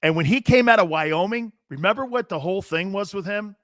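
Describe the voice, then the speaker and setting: A brash male sports talk host fires off rhetorical questions in a slangy, opinionated monologue. His voice sits high and comes out bright and forceful. The sound is dry and close, with little room around it. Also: brisk, no echo.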